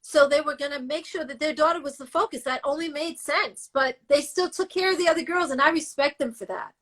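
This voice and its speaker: A guest singer in an interview tells her story bluntly and emotionally, animated and sometimes cursing. Her voice is high-pitched and a little fast.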